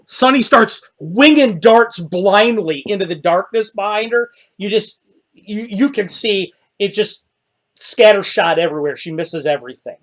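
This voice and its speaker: A man with a fairly high voice runs a tabletop game as dungeon master. He narrates with vivid, animated description and answers players' questions. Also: measured pace.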